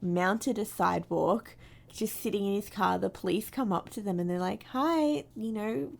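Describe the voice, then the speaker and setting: Bubbly Australian woman, gravelly edge. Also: mid-range voice, normal speed. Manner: bubbly, animated storyteller. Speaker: podcast co-host. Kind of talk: casual chat.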